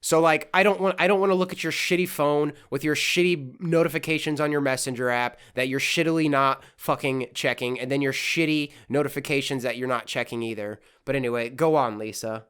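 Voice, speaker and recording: A podcast host giving sarcastic, profane reaction commentary in deadpan asides. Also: mid-range voice, a little fast, few pauses, clear, resonant tone.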